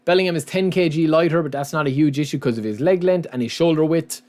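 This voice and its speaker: A man with a slightly high voice chats casually on his live stream. He keeps calling his viewers lads and man, thanking them as he goes. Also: fast talker, darkish tone. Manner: chatty, says lads and man often.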